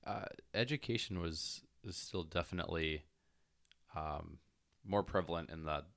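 A man with a very low voice co-hosting a casual podcast. He speaks haltingly, with "um" and "uh," and teases his co-host in a dry way. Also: vocal fry, fairly bright tone. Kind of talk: casual conversational chat.

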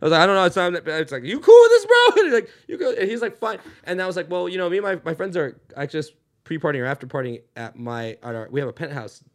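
Fast-talking young man telling a wild story. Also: on the high side. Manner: rambling, profane, animated. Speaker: podcast guest. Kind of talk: comic storytelling.

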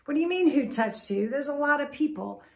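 A woman preacher voicing Peter, a bewildered male disciple, in an incredulous, quick and raised voice. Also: high voice, expressive, vocal fry, darkish tone, pitched above the performer's own voice.

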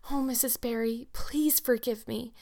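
A woman's voice: a little high, fairly even intonation, a little slow, creaky, warm tone, voice pushed up. A woman reading an audiobook and voicing an eleven-year-old orphan girl who speaks in a flowery, dramatic way. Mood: imploring. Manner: breathless, flowery, pleading.

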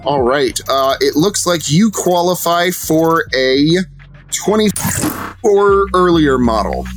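A man's voice: a little high, lively intonation, slow, over music. A man narrating a tabletop game as game master, casual with fillers.

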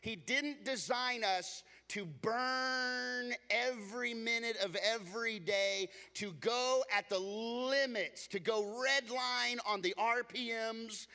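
A man's voice: very high voice, slow, hardly any pauses, bright, forceful tone, in a large hall. A man preaching a sermon as a pastor, casual and joking, slipping into acted voices to tell everyday stories.

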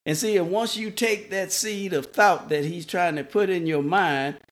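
A man preaching a sermon, slow and repetitive, restarting words for emphasis. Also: high voice.

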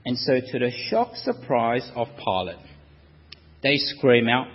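A man preaching a sermon, telling the story dramatically and acting out the crowd's shouts. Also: medium pitch, wildly swooping pitch, unhurried, husky, long reverb tail, dull audio.

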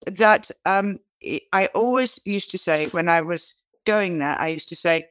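Animated British woman telling stories. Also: fairly low pitch, a little slow. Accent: British English. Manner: animated storyteller who acts out quoted lines; chatty, restarts and repeats words. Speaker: guest author. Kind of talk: interview conversation.

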